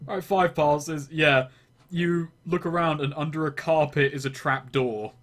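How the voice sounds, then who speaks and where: Man, game master, slightly high voice, casual tabletop narration, joking delivery. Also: fairly even intonation, unhurried, fairly bright tone.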